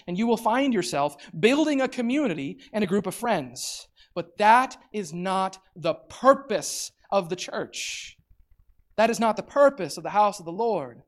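A man preaching a sermon as pastor, animated, acting out quotes and repeating words as he builds up. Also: high voice.

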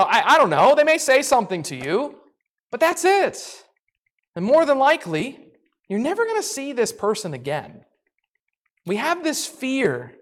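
Male preacher, high-pitched, animated sermon delivery that acts out little voices and shifts into soft, earnest appeals.

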